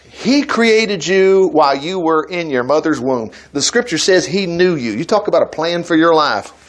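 A man's voice: on the high side, expressive, normal speed, hardly any pauses. A man preaching a sermon at a church service, retelling a Bible story with folksy asides and laughter.

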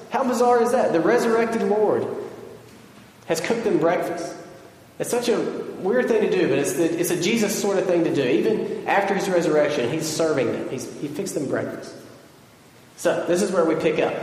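Male pastor, fairly high voice, relaxed joking sermon, big echoing hall, long reverb. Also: normal speed. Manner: casual, joking storytelling.

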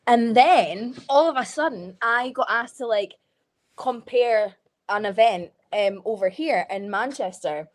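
A woman's voice: a little high, measured pace. Frank Scottish woman telling stories. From Scotland. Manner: frank, swears freely, leans on "like" while telling stories. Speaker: podcast guest. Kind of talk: casual chat.

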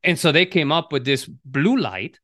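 A man's voice: on the high side, lively intonation, normal speed, fairly bright tone, no echo, clean studio sound. A man co-hosting a podcast, talking in a reflective, casual way with many restarts. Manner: reflective, restarts and repeats words. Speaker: podcast co-host. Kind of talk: casual conversation.

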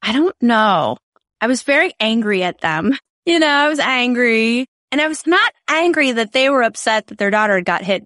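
Woman, podcast chat guest, expressive storyteller; high-ish voice, dry close-miked read. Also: no room sound. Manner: animated storyteller, acts out quoted voices. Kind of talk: casual conversation.

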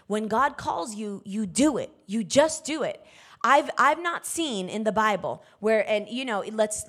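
A woman minister giving a conversational sermon, candid and emphatic, speaking straight to her listeners. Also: mid-range voice.

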